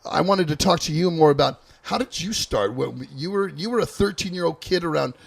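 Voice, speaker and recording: A man hosting an interview, talking in a halting way and repeating words while he searches for them. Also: on the high side, gravelly. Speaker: host. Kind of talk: casual interview.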